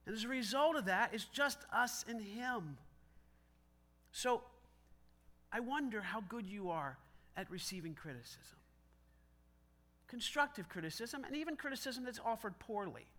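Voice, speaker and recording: A man's voice: high voice, lively intonation, measured pace, long pauses, sharp tone. A man preaching a sermon as pastor, in a conversational style that acts out quoted dialogue with self-deprecating humor.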